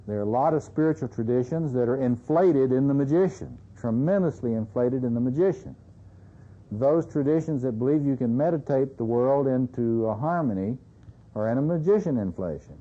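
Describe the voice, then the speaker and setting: A man delivers a seminar lecture conversationally, frequently checking in with listeners by saying "you see." His mid-range voice is warm and expressive at a normal pace, captured on a dull lo-fi lecture tape.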